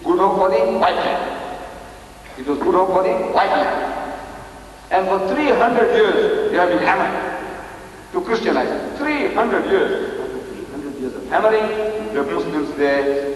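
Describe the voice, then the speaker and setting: Older South African lecturer, high-pitched and emphatic, recorded from afar in an echoey hall. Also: male voice, distant mic, slight background noise. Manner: emphatic orator with rhetorical questions and repetition. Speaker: Islamic lecturer. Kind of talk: public lecture to a live audience. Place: large hall with live audience.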